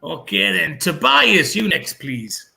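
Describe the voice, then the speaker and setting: A man's voice: a little high, big pitch swings, vocal fry, pushed and bright, a little hiss or hum. A British man hosting a pun contest, playful and laughing between jokes. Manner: playful, laughing, drawn-out words. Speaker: comedy show host.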